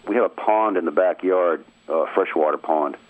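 A man's voice: sits low, moderate pace, no echo. A middle-aged man from Maine, a radio guest telling a family story over the phone in an easygoing, chuckling way. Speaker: interview guest. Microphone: telephone. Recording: tinny dry phone line.

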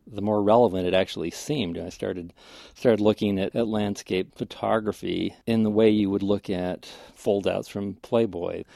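Bookstore guy talking in an interview, gravelly and dark, kinda wry. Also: fairly low pitch, no echo, studio quality. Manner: wry, conversational, with restarts. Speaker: bookstore manager.

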